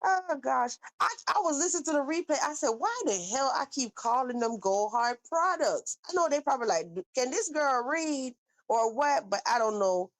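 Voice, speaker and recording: A woman's voice: high voice, brisk, few pauses, no echo, rough recording. Chatty woman hosting a live stream. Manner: chatty, animated, calls viewers baby. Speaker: livestream host reading chat. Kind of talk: casual live chat.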